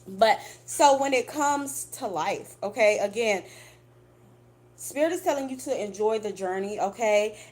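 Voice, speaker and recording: A woman's voice: medium pitch, expressive, unhurried, a little mellow. A woman doing a casual tarot reading for her viewers, chatty and blunt, swearing freely and calling them "baby.". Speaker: tarot reader.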